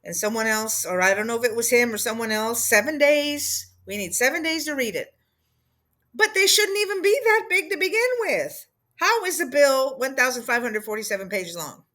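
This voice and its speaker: A woman's voice: on the high side, a little fast, sharp tone. A woman from Texas, rambling through a casual political rant in an exasperated, sarcastic way. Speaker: political commentator.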